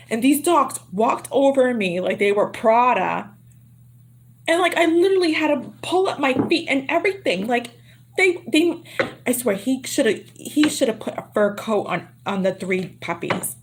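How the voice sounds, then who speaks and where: A woman's voice: animated, unhurried, slight background noise. A woman reading tarot on a livestream, talking in a chatty, laughing, teasing way with a slightly sore throat. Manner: lowers her voice to a hush. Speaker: tarot reader.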